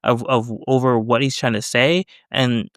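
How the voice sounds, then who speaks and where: A man's voice: medium pitch, steady tone, moderate pace, dry recording, clean studio sound. A man casually explaining his screen as he works, rambling with self-corrections. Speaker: developer demoing voice prompts. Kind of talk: casual screen-recorded tutorial.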